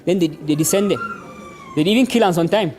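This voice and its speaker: A young man with a Cameroonian Pidgin English accent gives an animated community lecture, chuckling often as he talks. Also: sits high, fast, slight background noise. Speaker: workshop speaker. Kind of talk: community lecture on hate speech. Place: public venue.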